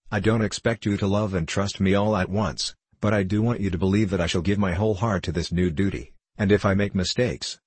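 A man reading a kindly middle-aged doctor uncle, hearty and tender by turns. The voice sits very low with a husky grain, and the storybook reading is close and dry. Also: no room sound. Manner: warm, hearty, occasionally bursting out. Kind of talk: audiobook character reading.

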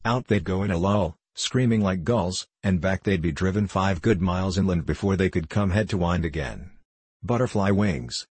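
A man's voice: sits low, moderate pace, darkish tone, husky. A man voicing an ancient, mischievous male hill sprite in an audiobook, wry and knowing, sometimes scornful. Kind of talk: audiobook character reading.

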